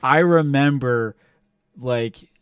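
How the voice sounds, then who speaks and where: A young man co-hosting a casual podcast, telling a story with lots of swearing and loud acted-out quotes. His voice is smooth and clear. He sits a little back from the mic in a dry room. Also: mid-range voice, takes it slowly, dry recording, recorded from a distance, lo-fi sound. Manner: animated, profane, acts out quotes loudly. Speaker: podcast co-host.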